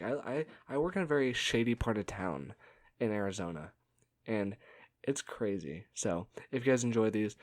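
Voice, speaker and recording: A man's voice: fairly low pitch, a little mellow. Rambling young man telling work stories. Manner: rambling, laughs often, lots of likes. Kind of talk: casual storytelling.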